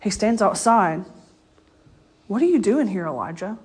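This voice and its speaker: A woman's voice: mid-range voice, very animated, a little slow, a little mellow, slightly rough. A woman preaching a casual, story-filled sermon. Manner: conversational storytelling, laughs often. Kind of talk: informal sermon.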